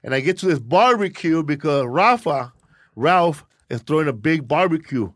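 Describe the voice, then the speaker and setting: Podcast host, male, mid-high voice, dry booth sound, relaxed and profane. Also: normal speed, no echo. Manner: relaxed, swears casually, chimes in with reactions. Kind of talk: casual podcast chat.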